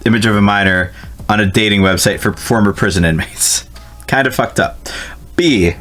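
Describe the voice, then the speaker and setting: A man's voice: on the low side, normal speed, a bit bright. A man from New Jersey streaming a video game, chatting casually with his viewers, laughing and swearing often as he reads the game text aloud. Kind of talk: casual let's-play commentary.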